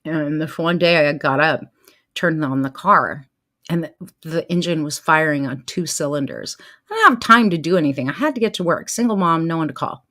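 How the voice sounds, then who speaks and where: A middle-aged woman and show host telling casual stories to her viewers, animated and quick to laugh. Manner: animated, laughs often, swings pitch to act out what people said. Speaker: life coach and show host.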